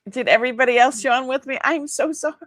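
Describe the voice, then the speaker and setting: A tired, yawning woman with a high, fairly bright voice talks quickly while hosting a casual live-stream unboxing and selling antiques in a live sale. She rambles about her items and laughs often. The recording is studio quality without echo.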